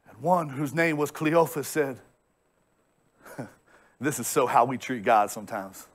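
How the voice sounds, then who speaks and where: A man preaching a lively sermon as pastor, conversational and funny, acting out characters and building to shouts. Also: mid-range voice, unhurried, long pauses. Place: church sanctuary.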